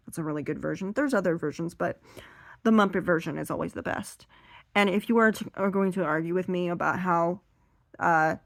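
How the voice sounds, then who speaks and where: A woman's voice: fairly low pitch, vocal fry, no echo, studio quality. A young woman with a slightly strained voice doing a seated stand-up monologue. She swears freely and acts out her relatives in quoted voices. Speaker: stand-up comedian.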